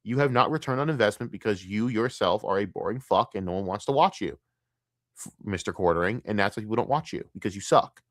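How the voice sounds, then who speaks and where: Male streamer, low voice, dry close sound, profane blunt rant, repetitive. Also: lively intonation, fast, fairly bright tone, no echo. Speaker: streamer reacting to a video. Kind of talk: ranting commentary.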